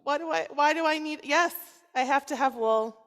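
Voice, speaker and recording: A woman playing a frazzled man who complains about his crowded house, pleading and raising her voice. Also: moderate pace. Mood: grumbling. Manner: pleading, complaining, higher and louder. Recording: long reverb in a large hall.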